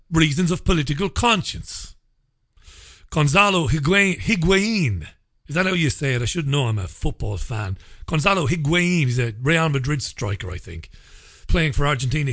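Hosting a radio talk show, a man delivers an opinionated monologue that's sarcastic, profane and ranting, punctuated by mocking laughter. His voice is a little high and a bit bright, recorded at studio quality with no echo.

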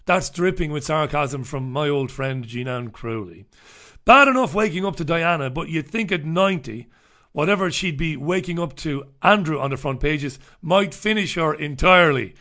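This livestream host goes through newspapers and viewer comments at a measured pace, his slightly high, fairly bright male voice staying expressive. He rambles loosely, repeats himself, and scoffs with sardonic, wry remarks along the way.

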